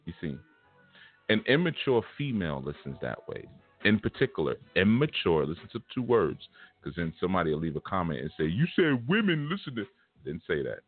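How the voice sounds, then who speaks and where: A man's voice: low voice, big pitch swings, fairly quick. A man giving a casual spiritual lecture, talking in a blunt, punchy, confrontational way. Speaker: spiritual teacher. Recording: tinny phone-like sound with faint music.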